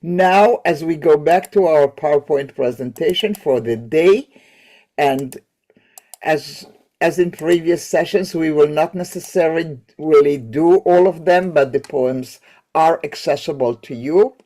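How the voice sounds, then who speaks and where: A woman's voice: low voice, unhurried, warm tone. A woman teacher with a cold, lecturing on poetry in a thoughtful, digressive way that corrects itself as she goes. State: has a cold, coughing.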